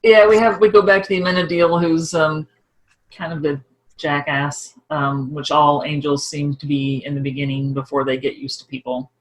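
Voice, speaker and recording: Middle-aged lady cohosting a tv podcast, lowish voice, rambly and chatty, goes off on little tangents. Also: little pitch movement, rough recording. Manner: chatty, rambling, quick asides. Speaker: podcast co-host. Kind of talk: casual discussion of a TV episode.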